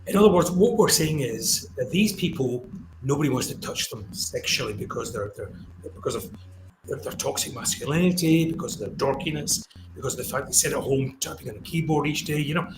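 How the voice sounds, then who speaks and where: A man co-hosting a podcast panel, talking earnestly and with indignation. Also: mid-range voice. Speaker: podcast co-host. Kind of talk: casual panel discussion. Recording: roomy with faint noise.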